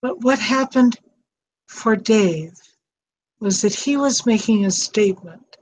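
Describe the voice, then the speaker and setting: A woman's voice: on the high side, slow pace, darkish tone, poor audio. An older woman hosting an advice talk, speaking in an earnest, reflective way. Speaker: host.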